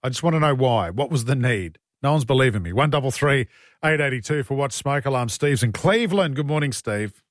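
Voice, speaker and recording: A man's voice: medium pitch, animated, no room sound, studio quality. Chatty male talkback radio host. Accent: Australian. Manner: chatty, joking, quick to laugh. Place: radio studio.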